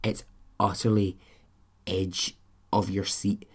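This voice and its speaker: Chatty man, low voice. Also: little pitch movement, slow pace, breathy edge. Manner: candid, chatty, self-questioning. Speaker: podcast host. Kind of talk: casual podcast monologue.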